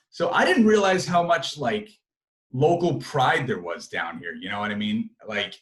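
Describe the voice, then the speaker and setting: A young man, a sports reporter, chatting as an interview guest, animated and full of fillers and restarts. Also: medium pitch, a little slow, rough recording. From Massachusetts. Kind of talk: casual interview chat.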